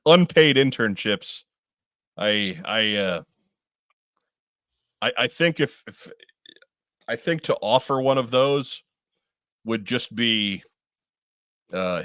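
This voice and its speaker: A man with a fairly low voice joins in casual podcast banter, stopping and restarting his sentences. The sound is dry and close, with no room around it. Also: animated, bright, forceful tone, no room sound. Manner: halting, restarts with repeated words. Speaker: podcast co-host.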